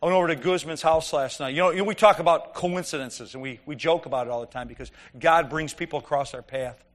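Higher-voiced preacher man in a reverberant hall. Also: fast. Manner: anecdotal, rhetorical questions to the congregation. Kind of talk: conversational sermon.

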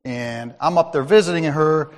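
Recorded with a big-room sound, a man with a slightly high voice speaks at normal speed, sharing a sermon-style testimony at church. He is a lay speaker who tells it like a story, in a conversational way, addressing listeners by name.

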